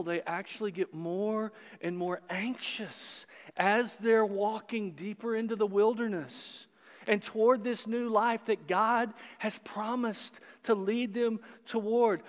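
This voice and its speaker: High-voiced preacher in a reverberant hall. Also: male voice. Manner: animated, playful and sarcastic preaching. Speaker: pastor. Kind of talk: sermon.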